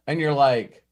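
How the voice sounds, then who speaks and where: A man leads a live coaching session at an ordinary middle pitch. He tells lively stories and acts out bits of dialogue in other voices. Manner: animated storyteller, acts out quoted dialogue. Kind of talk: live mastermind coaching talk.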